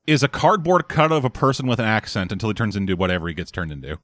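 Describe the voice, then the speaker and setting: Casting: man, blunt and profane, lively pitch, dry close sound. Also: racing, no room sound. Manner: blunt, profane, animated critique. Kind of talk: casual chat.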